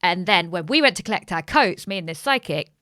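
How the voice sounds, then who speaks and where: Lively woman telling a story. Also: fairly low pitch, fairly quick, dry recording, clean studio sound. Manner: animated, swears casually, acts out quoted voices. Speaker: astrologer guest. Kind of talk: casual podcast chat, storytelling.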